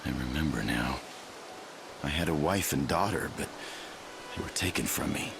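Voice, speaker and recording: An actor playing an older man in a video game who recovers painful memories of his lost family, deep and gravelly. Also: normal speed, background noise. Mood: grieving. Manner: cheerful at first, then sorrowful and resolute. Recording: game audio over clear music.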